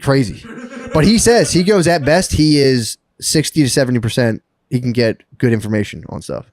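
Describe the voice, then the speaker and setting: A man telling a long story on a podcast in a rambling, profane, excitable way. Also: mid-range voice, normal speed, no echo. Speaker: podcast co-host. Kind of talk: casual storytelling chat.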